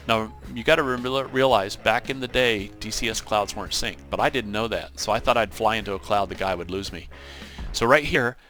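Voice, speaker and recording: A man giving casual, animated commentary over his own flight-sim gameplay, acting out what he and his wingman said. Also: lowish voice, fairly quick, faint music behind. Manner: animated storytelling, acts out radio calls. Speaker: gaming channel host.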